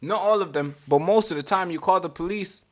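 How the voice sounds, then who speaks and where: A man hosting a live reaction stream, talking casually, animated and exasperated, swearing freely. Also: high-pitched, a little fast.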